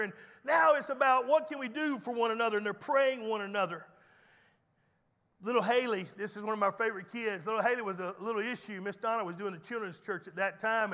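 Pastor, high bright voice, folksy joking sermon, big hall reverb. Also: male voice. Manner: folksy storytelling preacher with teasing humor. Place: church sanctuary.

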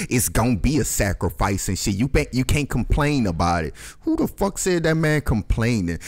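A man hosting a reaction video, angrily ranting and cursing at the clips he plays. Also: mid-range voice. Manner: angry, cursing, ranting at the clip. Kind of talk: profane reaction commentary.

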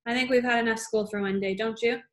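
A kind young schoolteacher speaks gently and steadily to her class, as a woman reading the story gives her a voice. The tone is close to an everyday voice, a little high, calm and unflinching. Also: fast talker, lightly acted. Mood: steady.

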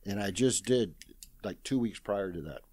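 A man's voice: on the low side, expressive, moderate pace, darkish tone, slight background noise. A man in his sixties, a guest in an interview, retelling a story casually and plain-spoken, acting out the quoted dialogue. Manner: plain-spoken, folksy retelling full of "I says"; acts out others' lines in quoted dialogue.

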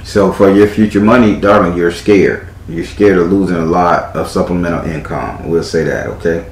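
A man's voice: low-pitched, steady tone, normal speed, reverberant, slight background noise, low-quality recording. A man doing a live tarot reading in a theatrical, teasing way, swearing freely as he talks to a client. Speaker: tarot reader.

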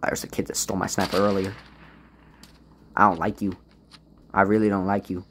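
A man giving casual gameplay commentary as a gaming YouTuber, swinging between low muttering and loud, frustrated outbursts. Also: little pitch movement, moderate pace, slight background noise.

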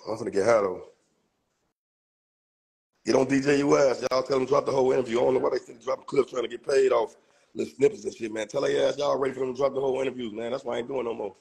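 A man's voice: medium pitch, gravelly, darkish tone, husky. A man hosting a casual livestream, with a cold, talking in a profane, boastful, rambling way full of street slang. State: has a cold. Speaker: livestream host.

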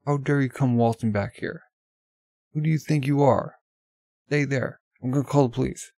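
A man's voice: mid-range voice, moderate pace, darkish tone, no echo, natural voice. A man reading a comic aloud, voicing an angry male shopkeeper who scolds a customer in a slightly raised voice. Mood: indignant.

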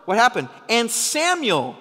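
Male pastor, fervent sermon delivery, bright and forceful, big church reverb. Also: very high voice, wildly swooping pitch, unhurried. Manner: passionate, sometimes yelling for emphasis. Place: church hall.

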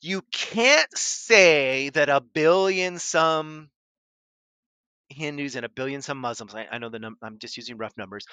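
Bright-voiced man rambling sarcastically. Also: medium pitch, a little slow, clean tone, no room sound. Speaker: video host. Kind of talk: casual commentary.

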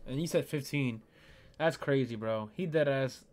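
A man's voice: mid-range voice, moderate pace, a little mellow. A young man streaming a game, chatting casually and teasing his friend in slang. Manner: slangy, teasing, laughs often. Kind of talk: casual gaming chat with a friend.

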